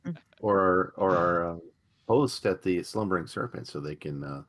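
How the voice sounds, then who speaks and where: A man's voice: deep voice, lively intonation, normal speed, a bit bright. A man playing a tabletop game, talking hesitantly with many fillers. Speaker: player. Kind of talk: casual tabletop role-play.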